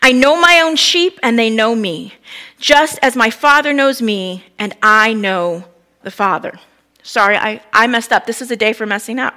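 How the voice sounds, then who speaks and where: A woman's voice: a little high, normal speed, pushed and bright. A woman preaching a sermon in a conversational way, asking the listeners questions and acting out the people in the story. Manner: conversational, acts out quoted voices, asks the listeners questions. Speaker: pastor.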